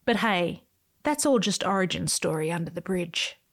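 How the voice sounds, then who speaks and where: A woman hosting her own podcast, reading a playful, whimsical script with sudden swoops in pitch. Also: expressive, normal speed. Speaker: podcast host.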